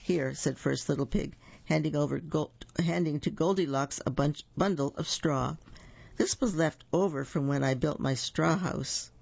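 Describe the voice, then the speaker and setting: A man's voice: on the high side, moderate pace, vocal fry, a little mellow, slightly rough, no room sound, muffled recording. A man reading a story aloud, voicing a fussy little pig who mutters and grumbles. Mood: helpful.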